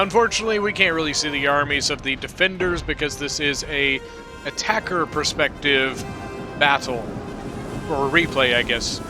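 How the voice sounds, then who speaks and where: Chatty man commentating over music. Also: fairly high pitch. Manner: rambling, self-correcting, chatty. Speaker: game commentator. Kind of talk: casual replay commentary. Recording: clear background music.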